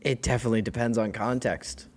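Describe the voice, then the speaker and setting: A twenty-five-year-old man co-hosting a comedy podcast, joking and quick to laugh. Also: mid-range voice, steady tone, a little mellow. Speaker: podcast co-host. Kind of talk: casual comedic chat.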